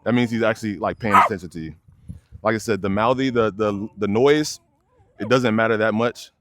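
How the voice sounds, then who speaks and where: A man's voice: fairly low pitch, fairly quick, noisy background. A young man, a dog trainer, explaining leash work casually outdoors and addressing viewers as y'all. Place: outdoors by a fence near many dogs.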